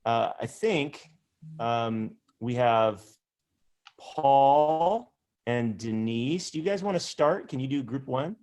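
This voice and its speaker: A man with a mid-pitched voice teaching an improv class over a video call. He is encouraging and organizes the groups in a hesitant way, full of fillers. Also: lively intonation, slow, darkish tone. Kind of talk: online class instruction.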